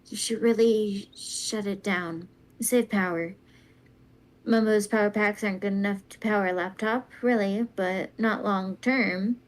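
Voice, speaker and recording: Woman reading fanfic softly. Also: medium pitch, steady tone, unhurried. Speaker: fanfic reader. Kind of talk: casual reading aloud.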